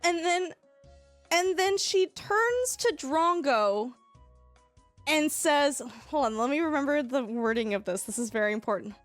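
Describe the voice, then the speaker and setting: High animated woman streamer. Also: measured pace, dry recording, soft background music. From Canada. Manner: animated, laughs often while telling the story. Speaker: livestreamer. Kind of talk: casual storytelling chat.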